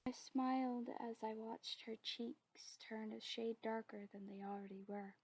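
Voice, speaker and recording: A woman narrating her own story in a soft, steady whispered role-play. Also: fairly high pitch, a little slow, breathy edge, rough recording.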